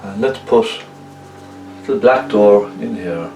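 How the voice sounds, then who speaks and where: A man's voice: fairly low pitch, takes it slowly, echoey room, recorded from a distance, over music, rough recording. A man with a Cork Irish accent giving a chatty painting lesson, often checking in with the viewer. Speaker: painting instructor. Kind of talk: casual painting tutorial.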